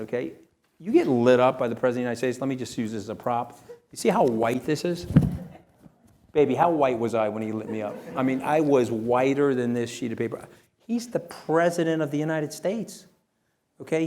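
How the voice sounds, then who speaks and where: A man's voice: medium pitch, darkish tone. Punchy New man telling stories. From New York. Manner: punchy, tags lines with "okay?". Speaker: interview guest. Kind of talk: animated storytelling.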